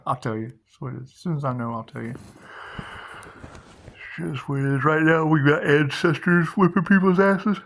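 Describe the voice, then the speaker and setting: A man hosting a loose, repetitive spiritual monologue, laughing often and swearing, sometimes dropping to a hushed guiding tone. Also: mid-range voice, vocal fry. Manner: drops to a hushed guiding tone for meditation cues. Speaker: spiritual video host.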